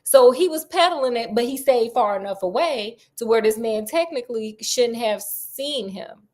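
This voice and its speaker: A woman's voice: a little high, expressive, normal speed, a little mellow. A woman storyteller retelling a classic detective tale in a chatty, slangy way, talking straight to her listeners.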